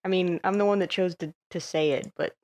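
A woman's voice: lowish voice, fairly even intonation, fairly quick, darkish tone. A woman hosting a podcast, talking in a playful, self-mocking way. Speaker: podcast host. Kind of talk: scripted podcast outro and blooper chat.

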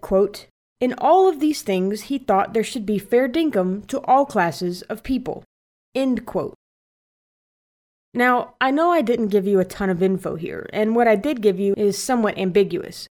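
A woman's voice: medium pitch, lively intonation, a little slow, darkish tone. A woman hosting a podcast, explaining a phrase's origin in a light, teasing way. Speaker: podcast host. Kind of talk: scripted explainer narration.

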